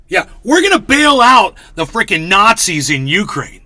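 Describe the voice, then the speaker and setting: Brash, bright-voiced male streamer. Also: high-pitched, very animated, moderate pace, few pauses. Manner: sarcastic, profane, mocking. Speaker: livestream host. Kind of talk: casual ranting commentary.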